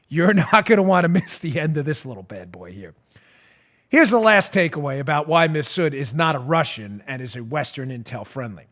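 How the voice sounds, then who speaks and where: A man hosting a political talk show, sarcastic and laughing, swinging from loud jabs to hushed asides. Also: fairly high pitch. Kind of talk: animated political commentary.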